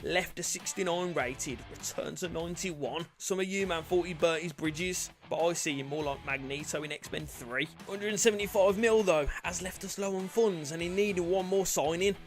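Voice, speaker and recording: Lad, high voice, shouty game commentary with cheeky jokes, faint music underneath. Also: male voice, normal speed, hardly any pauses. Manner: loud outbursts, cheeky banter. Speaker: gaming YouTuber.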